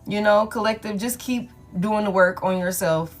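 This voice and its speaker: A woman's voice: medium pitch, moderate pace. Candid, profane woman tarot reader. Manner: candid and profane, laughs often, talks straight to her viewers. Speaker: tarot reader hosting a live stream. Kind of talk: casual live-stream tarot chat.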